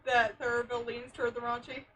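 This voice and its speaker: A woman playing a tabletop game, giggly and quick to try out character voices. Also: a little high, monotone, recorded from a distance, crowd noise, low-quality recording. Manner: giggly, trying out character accents. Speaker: player. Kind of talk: casual tabletop play.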